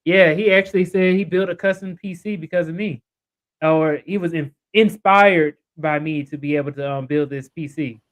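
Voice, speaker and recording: Man, podcast guest, upbeat and rambling, fairly high voice. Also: moderate pace. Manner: rambling, many fillers, upbeat. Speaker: guest YouTuber. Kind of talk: casual interview chat.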